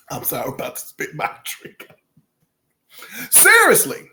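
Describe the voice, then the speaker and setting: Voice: medium pitch, a little hiss or hum. A music channel host giving casual commentary, laughing often and talking straight to the viewers with folksy asides. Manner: laughs often, chatty and animated.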